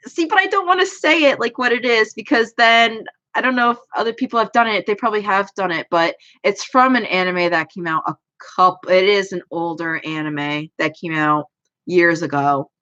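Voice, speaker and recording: A woman's voice: medium pitch, normal speed, pushed and bright. Chatty young woman streaming from home. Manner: chatty and rambling, self-deprecating. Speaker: anime YouTuber streamer. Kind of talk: casual livestream chat. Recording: dull lo-fi stream audio.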